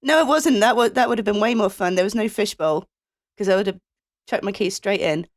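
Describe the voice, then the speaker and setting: A woman's voice: mid-range voice, fairly quick. A woman co-hosting a podcast, telling a story in a dry, anecdotal way. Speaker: podcast co-host. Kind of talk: casual podcast chat.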